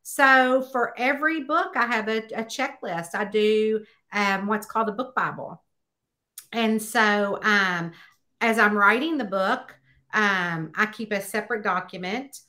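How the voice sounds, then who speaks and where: Bright, animated woman author. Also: unhurried. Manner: animated storyteller, acts out quotes in a high voice. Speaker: mystery author, host. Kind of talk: casual chat.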